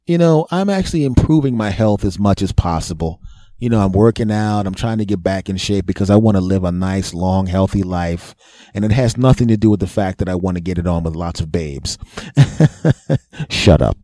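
A man's voice: low voice, lively intonation, normal speed, dark tone, dry recording, studio quality. A man hosting a podcast, delivering a profane, self-mocking comedic monologue. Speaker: podcast host.

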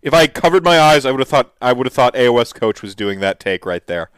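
Smooth-voiced man riffing in casual commentary. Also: medium pitch, animated, fast talker, dry recording. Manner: enthusiastic, rambling with restarts and fillers. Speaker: host reacting to miniature reveals.

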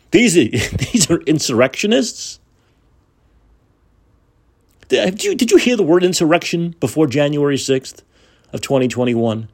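A man rants on his podcast in a fairly high voice that leaps and drops all the time. He swears, mocks and hammers words by repeating them. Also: darkish tone, breathy edge. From United States. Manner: angry, profane, sarcastic ranting. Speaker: podcast host. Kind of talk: political rant monologue.

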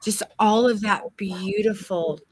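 A woman's voice: mid-range voice, takes it slowly, a little mellow, husky, dry recording. A woman teaching a photography course, giving gushing, effusive praise to a student over a live stream. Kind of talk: live-streamed critique session.

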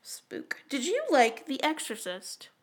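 A young woman co-hosting a podcast in casual chat, animated and swearing a lot as she tells stories. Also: on the high side, normal speed. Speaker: podcast co-host.

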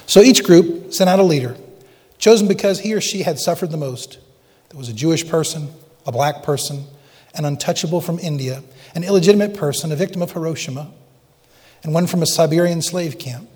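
Preacher in a reverberant sanctuary. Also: male voice, a little high. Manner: earnest, dramatic readings with hushed pauses. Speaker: pastor. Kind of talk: sermon.

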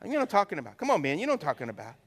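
A man's voice: a little high, huge pitch swings, very fast, breathy edge. A middle-aged man preaching a sermon as pastor, folksy and joking, drawing answers from the congregation. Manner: folksy, joking storyteller with call-and-response.

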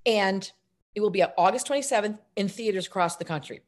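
Lively, self-mocking middle-aged woman storyteller. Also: medium pitch, fast talker. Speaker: actress and filmmaker, guest. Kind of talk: casual interview storytelling.

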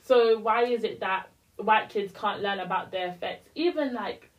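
A woman's voice: medium pitch, moderate pace, far from the mic, dull audio. A young woman in casual podcast chat, speaking passionately and heating up into a rant. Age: young adult. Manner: impassioned, rising to a heated rant. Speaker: podcast co-host.

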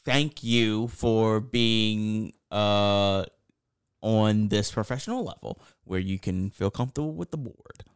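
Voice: mid-range voice, slow pace, clear, resonant tone. A podcast co-host in casual chat, playful and teasing.

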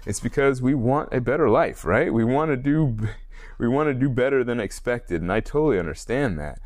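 A man's voice: medium pitch, animated, fairly quick, darkish tone. A man hosting a casual solo fitness podcast, a personal trainer who rambles, corrects himself and laughs often. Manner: rambling, self-correcting, frequent laughs and fillers.

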